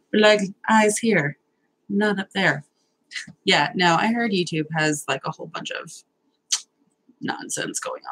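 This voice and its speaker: A young woman talks to her chat on a live stream, rambling casually and poking fun at herself with a nervous edge. Her voice sits at an ordinary middle pitch with a husky, breathy grain, and now and then she lets a swear word slip. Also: low-quality recording. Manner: chatty, self-deprecating, nervous.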